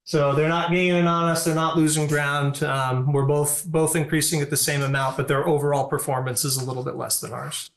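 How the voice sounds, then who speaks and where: A man with a slightly raised pitch walks a school board through a report. He talks fast and casually, padding with ums. The sound is echoey room audio. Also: level tone, fairly bright tone. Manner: fast, conversational, many ums. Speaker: school superintendent presenting a report. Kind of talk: board meeting presentation. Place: meeting room.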